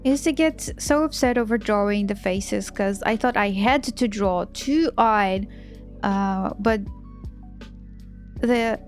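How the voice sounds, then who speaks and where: A woman in her thirties chatting casually on a live stream while she draws, enthusiastic and often restarting her sentences in non-native English. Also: a little high. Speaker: artist streaming while drawing. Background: faint background music.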